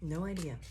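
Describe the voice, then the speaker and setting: A woman's voice: lowish voice, mellow, slight background noise. A young woman giving a casual tarot reading, blunt and profane, ranting with lots of fillers, jittery from coffee. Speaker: tarot reader.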